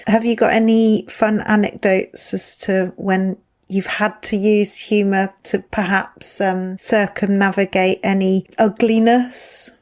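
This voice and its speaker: Flat-toned female podcast host. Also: mid-range voice, takes it slowly, few pauses. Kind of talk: interview questions.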